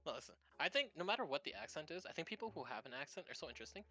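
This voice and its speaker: A Canadian man in casual stream chat, his voice sitting a little high and swooping through a wide, animated range. He rambles, restarts his sentences, and drops casual swears. Faint music plays underneath. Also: racing.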